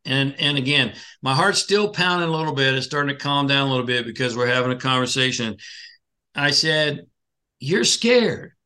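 A man's voice: medium pitch, steady tone, fairly quick, bright, forceful tone. A man being interviewed, telling a personal story vividly and acting out the dialogue, often restarting his sentences. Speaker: podcast guest.

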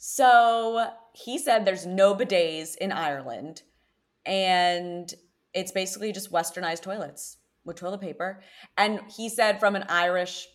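A young woman from Connecticut hosting a podcast, telling dating stories in an animated, chatty way full of "like". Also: medium pitch, a little slow. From Connecticut, USA. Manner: chatty, animated storytelling with frequent "like". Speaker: podcast host. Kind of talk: casual chat.

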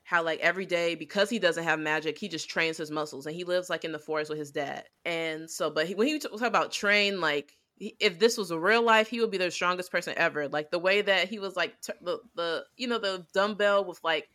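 A woman with a bright, forceful tone and a somewhat low pitch, talking casually on a podcast. She rambles through lots of fillers and gets animated as she retells scenes. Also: fairly quick, few pauses. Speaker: podcast co-host. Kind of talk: casual anime review chat.

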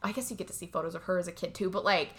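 A woman co-hosting a podcast, retelling a movie's plot in a rambling, casual way, full of fillers and quick laughs. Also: on the low side, fairly even intonation, fairly bright tone. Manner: rambling, filler-heavy storytelling with frequent laughs. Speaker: podcast co-host recapping a movie. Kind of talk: casual chat.

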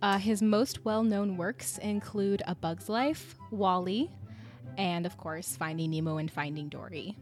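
A woman's voice: medium pitch, unhurried, faint music behind. A woman co-hosting a casual podcast, chatty and giggly as she explains things. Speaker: podcast co-host.

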